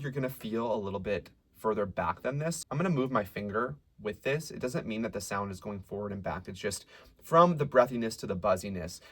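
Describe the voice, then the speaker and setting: A young man coaching rock singers through vocal warm-ups, explaining calmly and sometimes singing short drills. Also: on the low side. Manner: relaxed and encouraging, demonstrates sung warm-up drills. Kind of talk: singing lesson with sung exercises.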